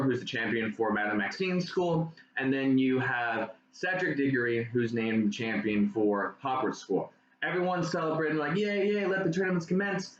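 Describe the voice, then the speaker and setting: A man's voice: medium pitch, fairly bright tone. A man casually retelling movie scenes in a rambling way with lots of fillers. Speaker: movie reviewer. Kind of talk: casual chat. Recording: echoey room, dull lo-fi sound, faint noise.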